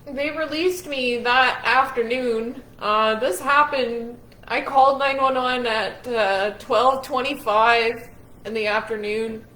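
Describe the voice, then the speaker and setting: A frank woman recounts her own experience in a slow, unhurried way, her tone bright and a bit sharp. She speaks candidly and unashamedly. The room around her rings with a roomy echo. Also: a little high, fairly even intonation. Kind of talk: personal storytelling to camera.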